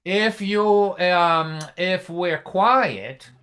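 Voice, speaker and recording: A man's voice: high-pitched, very slow. A middle-aged man from Boston with a Boston accent, telling a comic family story on a live stream, acting out his father's lines. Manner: animated, acts out his father's lines with rising intensity. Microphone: live stream mic.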